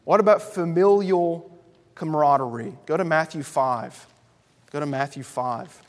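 A man preaching a sermon to a congregation, emphatic and building through loud repeated lists. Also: fairly high pitch, measured pace, in a large hall. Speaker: pastor.

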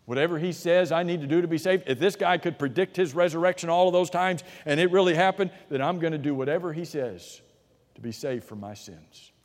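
A man preaching a sermon in a slightly higher voice, pressing his points with rising force, then dropping to a hushed hush. He asks rhetorical questions and answers them himself. A long hall reverb trails behind his words. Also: brisk. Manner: emphatic, swings between loud and hushed.

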